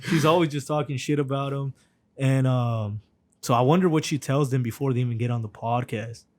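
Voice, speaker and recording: A man at a middle pitch chats loosely on a podcast with his friend. He drops curse words and fillers constantly, keeping an easygoing, unhurried tone. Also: a little mellow. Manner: laid-back, swears a lot, frequent fillers. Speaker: podcast co-host. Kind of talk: casual chat.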